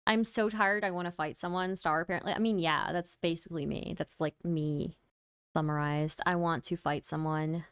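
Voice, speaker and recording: Clear-voiced tired woman streamer. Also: fairly low pitch, steady tone, moderate pace, a bit bright, dry recording, clean studio sound. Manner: wry, tired, laughs at her own jokes; reads out and thanks viewer donations. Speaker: livestream host. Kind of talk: casual stream chat.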